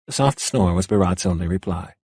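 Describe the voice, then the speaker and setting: A man narrating a novel as an audiobook in a steady storytelling manner. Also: deep voice, fairly quick, husky, dry recording, clean studio sound. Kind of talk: scripted narration.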